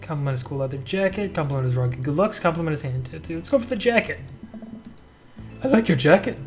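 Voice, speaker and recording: A young man with a slightly high voice reads a dating game's text aloud. He drops quick, playful asides between the lines. Faint game music plays underneath. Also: lively intonation. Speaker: let's-play gamer. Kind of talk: reading game text with joking commentary.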